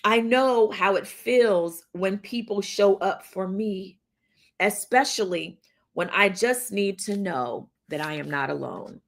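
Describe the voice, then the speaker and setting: A woman's voice: medium pitch, animated, takes it slowly, gravelly. A woman hosting a casual livestream, talking to her viewers in an encouraging, chatty way. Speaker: livestream host.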